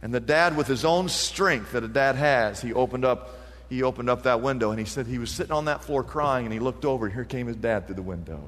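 A man preaching a sermon as pastor, with impassioned delivery that climbs higher on the points he presses. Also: fairly quick, a bit bright, long reverb tail. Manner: impassioned preaching, rising pitch on emphasis.

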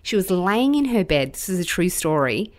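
A woman in her thirties chats casually, telling stories and slipping into the voices of the people she quotes. Her pitch sits a little low but swings widely and expressively. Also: moderate pace. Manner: animated storytelling, acting out quoted voices. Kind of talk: casual chat.

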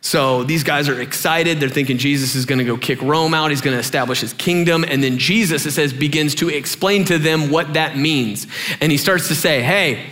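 A young adult man preaching a sermon as pastor, conversational and animated, using many fillers and acting out voices. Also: moderate pace. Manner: animated, conversational, acts out voices with big pitch jumps; filler-heavy, says "like" often.

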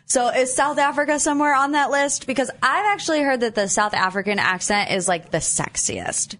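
A woman's voice: sits high, brisk, a bit bright. A woman co-hosting a morning radio show in a studio, chatting casually and laughing often. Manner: giggly, chatty. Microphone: studio microphone.

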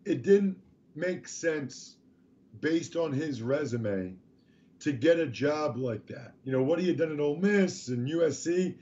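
Hoarse, raspy-voiced sports talk man. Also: a little high, expressive, unhurried, dark tone, muffled recording. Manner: rambling, self-interrupting. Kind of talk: sports talk show chat.

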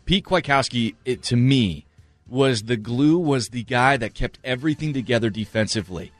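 A man's voice: mid-range voice, expressive, normal speed, no echo. A man co-hosting a sports talk show, giving earnest, emphatic analysis and repeating his points for stress. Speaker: sports radio co-host.

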